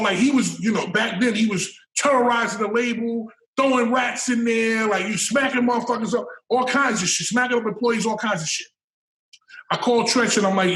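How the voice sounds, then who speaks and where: Man, high voice, emphatic profane storyteller, roomy echo, set back from the mic. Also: fairly bright tone, distant mic. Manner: profane, emphatic, repeats words when building a point. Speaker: podcast guest. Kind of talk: storytelling in casual interview.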